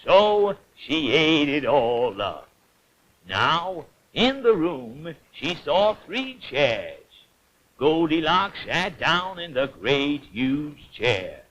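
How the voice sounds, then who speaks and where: A man's voice: a little high, big pitch swings, very slow, fairly bright tone. A man narrating a fairy tale in an old cartoon, in a lilting storyteller manner. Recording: dull old cartoon soundtrack with faint hiss.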